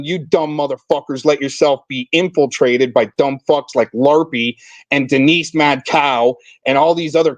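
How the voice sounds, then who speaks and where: A man on a livestream rants aggressively, shouting and hurling profane insults. His voice sits on the high side, and the recording sounds dry.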